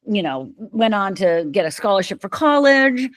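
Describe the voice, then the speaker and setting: A woman's voice: medium pitch, sing-song, normal speed, dry recording. A middle-aged woman from Upper Michigan, a podcast guest telling her story emphatically and acting out the voices in it. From Upper Michigan, USA. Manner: vivid, emphatic storyteller who acts out quoted lines. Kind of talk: storytelling in an interview.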